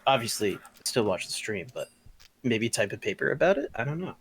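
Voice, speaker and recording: A man's voice: medium pitch, very animated, fairly quick, vocal fry, a crowd in the background. A man co-casting a live esports match, easygoing and chiming in with short reactions. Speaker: esports co-caster.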